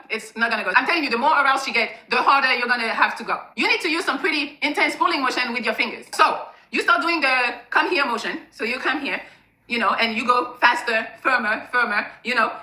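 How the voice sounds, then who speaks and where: A woman rattles off frank, profane instructions at a quick clip. Her voice sits high and cuts with a sharp, bright edge. The sound bounces around an echoey room. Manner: frank and profane, demonstrating with hands. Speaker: sex-advice presenter. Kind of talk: blunt instructional talk.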